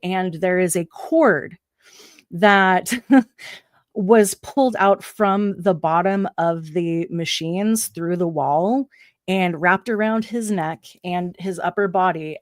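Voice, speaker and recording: An American woman casually telling a story, animated and profane, acting out quotes with sudden jumps in pitch. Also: no echo, studio quality. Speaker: guest.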